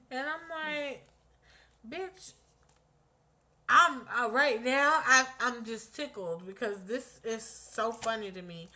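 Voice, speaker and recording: A woman's voice: a little high, slow. A young woman casually telling a personal story on her vlog, blunt and profane, acting out what people said. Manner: animated, blunt, profanity-laced retelling with acted-out quotes.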